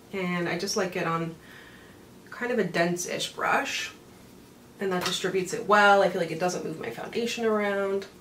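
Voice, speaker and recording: A woman chatting casually through a makeup tutorial, rambling with self-mocking asides. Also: on the low side. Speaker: beauty vlogger. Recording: roomy, mic set back, faint hiss.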